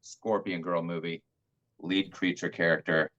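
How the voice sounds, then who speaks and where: A man's voice: deep voice, flat delivery, measured pace, a bit bright, highs cut off. A man as a podcast guest in casual chat, upbeat and hyped.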